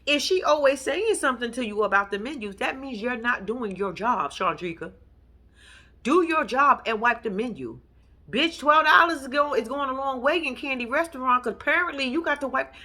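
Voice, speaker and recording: Profane, animated woman vlogger. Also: high-pitched, moderate pace. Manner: profane, animated, talks straight to viewers as y'all; laughs between her own stories. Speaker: vlog host recapping a TV episode. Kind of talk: casual storytelling commentary.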